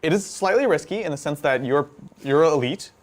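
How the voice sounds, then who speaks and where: A man playing in a tabletop wargame, chatting in a jokey, animated way and laughing often. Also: on the high side, a little fast, slight background noise. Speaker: wargame player. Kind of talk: casual tabletop game chat.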